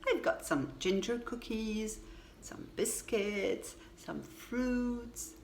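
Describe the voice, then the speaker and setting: A woman's voice: a little high, expressive, very slow, gravelly, darkish tone, roomy sound, a little hiss or hum, exaggerated voice. A woman doing a kindly, fussing motherly lady. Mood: fond.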